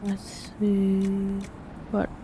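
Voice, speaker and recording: A woman recovering from a bad cold, giving slow let's-play commentary and mumbling to herself as she plays. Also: medium pitch, monotone, noisy background. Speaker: gamer.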